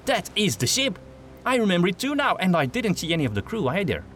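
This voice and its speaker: A man's voice: high voice, very animated, fast talker, a bit bright, a little hiss or hum, pitched above the performer's own voice. A man voicing a brash, boastful male merchant adventurer, cocky and teasing.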